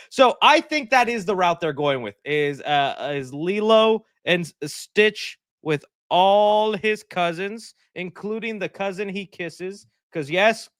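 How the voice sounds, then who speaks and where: A man hosting a livestream, talking in a rambling, joking, animated way at his desk mic. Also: high voice, no room sound, studio quality. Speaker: livestream host. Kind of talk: casual livestream chat.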